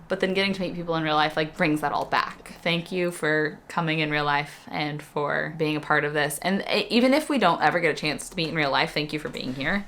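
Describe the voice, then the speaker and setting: A woman in her thirties vlogging from a hotel room, chatty and openly emotional, talking to a camera sitting on her bed. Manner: chatty and openly emotional, voice swinging high when excited. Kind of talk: casual vlog chat.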